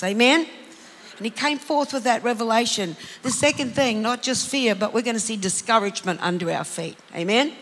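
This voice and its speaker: A preacher delivers an emphatic sermon, calling out to the congregation and then easing into quiet, reflective passages. The tone is bright and forceful. The voice rings with a long reverb from a large hall. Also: medium pitch, normal speed, slight background noise.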